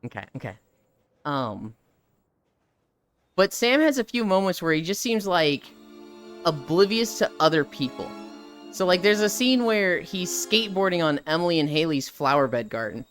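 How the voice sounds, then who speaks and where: Animated young woman streamer. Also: on the low side, normal speed, long pauses, faint music behind. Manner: chatty, animated, acts out game characters' lines. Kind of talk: casual live-stream chat.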